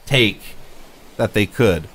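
A man's voice: fairly low pitch, lively intonation, takes it slowly, fairly bright tone, exaggerated voice. An improv performer playing a nervous male customer who keeps backpedaling and placating. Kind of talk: improv comedy.

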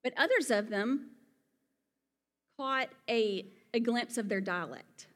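A woman's voice: a little high, animated, slow pace, a bit bright. Southern woman preaching in a reverberant hall. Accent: Southern US (Alabama). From Alabama, USA. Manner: earnest, conversational, folksy asides. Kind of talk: sermon.

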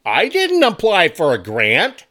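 A whiny male election official, indignant and evasive, insisting he had nothing to do with any of it, as a man puts him on in mockery. The voice swoops up and down in pitch as it protests. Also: wildly swooping pitch, unhurried, bright, forceful tone, full character voice. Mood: defensive. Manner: mocking, whiny, protesting innocence.

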